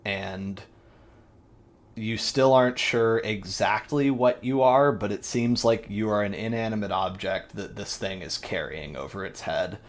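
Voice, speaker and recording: A man's voice: fairly low pitch, measured pace. A man narrating a tabletop game as game master, in a rambling, descriptive way with many fillers.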